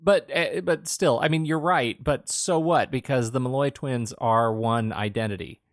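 A man's voice: mid-range voice, normal speed, no room sound, clean studio sound. A man co-hosting a podcast, chatting casually about a film and teasingly prodding his co-host. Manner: playful, teasing, prompts the other host.

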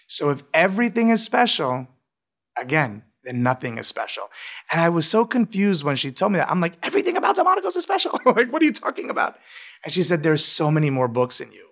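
A man's voice: mid-range voice, fairly bright tone. A man, a restaurant owner and author, telling emotional stories in an interview, often asking "right?". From United States. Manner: emotional, storytelling, frequent "right?".

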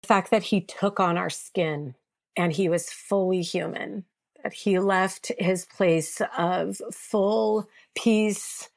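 A woman's voice: fairly low pitch, fairly even intonation, slow pace, gravelly. A woman pastor and author as a guest, speaking in an earnest preacher's cadence about faith. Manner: earnest preacher's cadence, voices biblical figures with rising intensity. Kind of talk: passionate faith conversation.

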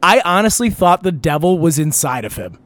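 A man's voice: fairly high pitch, fairly quick, no echo. A young man telling a wild story on a casual talk show, swearing often and acting out what people said. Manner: animated, profane, acts out quotes.

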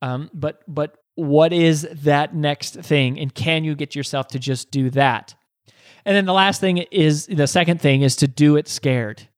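Guy on a podcast telling a pep-talk story, keeps repeating lines, asks the listener questions, kinda high voice, dry. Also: measured pace, smooth, no room sound. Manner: emphatic, repeats phrases, rhetorical questions. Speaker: podcast host.

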